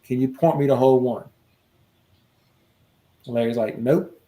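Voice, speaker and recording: A man casually telling a long anecdote as host, animated and laughing often. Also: medium pitch, a little slow, background noise. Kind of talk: casual storytelling.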